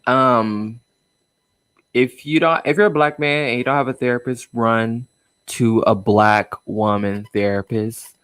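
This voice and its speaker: A young adult guest in a car tells a personal story with openness and emotion, frequently using fillers and nervous laughs. His mid-range voice is clear, resonant, and fairly bright, with fairly even intonation and a measured pace, recorded without echo.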